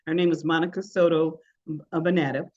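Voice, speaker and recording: A woman's voice: low voice, fairly even intonation, a little fast, darkish tone, muffled recording. An older woman, a retired teacher, presenting an online workshop and telling stories with acted-out quoted voices. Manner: storytelling, acts out quoted voices. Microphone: video call.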